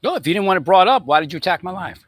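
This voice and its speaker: Guy ranting at people who arent there, lively up and down voice, dry sound. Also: high-pitched, rapid-fire, no echo. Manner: angry ranting, addressing unseen opponents. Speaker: vlogger. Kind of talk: confrontational monologue.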